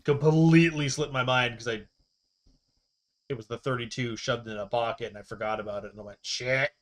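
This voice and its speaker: A man's voice: medium pitch, fairly even intonation, brisk. Casual swearing gamer man. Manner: rambling, swears casually, laughs at himself. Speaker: streamer. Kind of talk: casual gameplay commentary.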